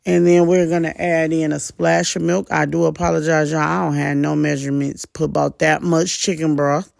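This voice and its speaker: A woman gives a relaxed cook-along narration in a deeply gravelly voice full of vocal fry. She chats with her viewers in an easy, informal way, with the odd curse word, and the recording is dry and close with no room sound. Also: normal speed, no room sound. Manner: chatty, talks straight to viewers, loose and informal with mild cursing. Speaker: home cook vlogger.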